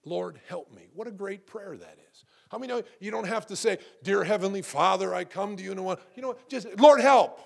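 Preaching to his congregation, this middle-aged pastor is lively and conversational, asking rhetorical questions and frequently repeating words. He speaks fairly quickly with few pauses in a high, creaky voice.

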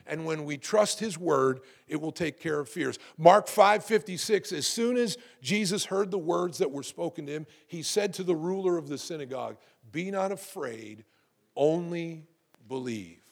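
A middle-aged man preaching a sermon to his congregation, lively and conversational, asking rhetorical questions and often repeating words. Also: a little high, moderate pace, creaky, hardly any pauses. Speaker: pastor.

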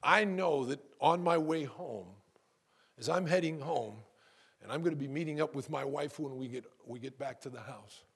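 A man's voice: on the high side, normal speed, a bit bright, slightly rough. A middle-aged man preaching a sermon in a church, calling out to the congregation and building to emphatic peaks. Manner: call-and-response preaching, rising to emphatic peaks. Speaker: pastor.

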